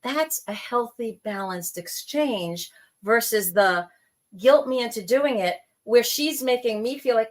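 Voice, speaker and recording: A middle-aged woman from New York talking casually, telling animated stories and acting out the voices of people she quotes. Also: fairly high pitch, a little slow. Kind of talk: casual conversation.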